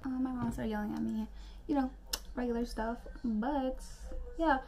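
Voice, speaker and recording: A woman's voice: on the high side, steady tone, creaky, warm tone. Chatty young woman ranting while doing makeup. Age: young adult. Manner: chatty, rambling, quick asides and mock-outraged rants. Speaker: beauty vlogger. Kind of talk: chatty makeup tutorial rant.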